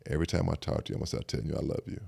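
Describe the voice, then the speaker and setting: Gravelly deep-voiced older man, fast. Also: steady tone, mellow. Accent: Southern American. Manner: reflective, repeats "I said" while retelling conversations. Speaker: podcast guest. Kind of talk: casual storytelling chat.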